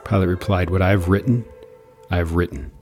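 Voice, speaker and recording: A man reads a long scripture passage aloud in a measured, unhurried way. His voice sits very low. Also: steady tone, darkish tone, faint music behind. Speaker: scripture reader. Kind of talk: Bible reading.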